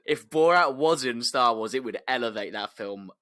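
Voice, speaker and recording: A man's voice: mid-range voice, expressive, normal speed, pushed and bright, no echo, clean studio sound. A man co-hosting a podcast, agreeable and wry in casual chat. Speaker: podcast co-host. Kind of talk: casual banter.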